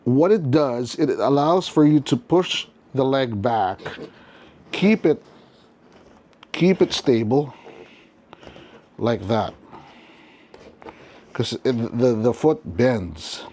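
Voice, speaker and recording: A man's voice: medium pitch, lively intonation, slow, long pauses, a little mellow. A man casually reviewing a toy, chatting and thinking aloud as he handles it, with faint noise in the background.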